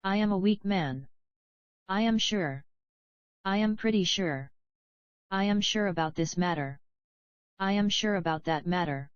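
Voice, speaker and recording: A woman slowly reading short English phrases one at a time, with pauses between them, for a language lesson. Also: medium pitch, clear, resonant tone, dry recording, dull audio. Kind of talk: slow read-aloud phrase drills.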